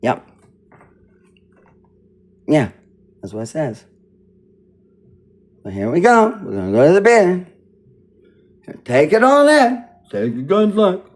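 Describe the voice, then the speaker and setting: A man's voice: sits high, sing-song, takes it slowly, long pauses. A man giving casual commentary over a video, rambling and repeating words as he mock-teaches pronunciation. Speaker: video reactor.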